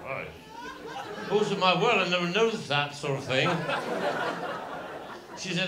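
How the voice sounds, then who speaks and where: A man's voice: high voice, lively intonation, measured pace, pauses often, a crowd in the background. An older man with a Cornish accent telling a long rambling comic story on stage, repeating his phrases in broad dialect. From Cornwall, England. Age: 70s. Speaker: stand-up comedian. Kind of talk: rambling live stand-up storytelling. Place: live venue with audience laughter. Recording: echoey live room, noisy. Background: audience laughter.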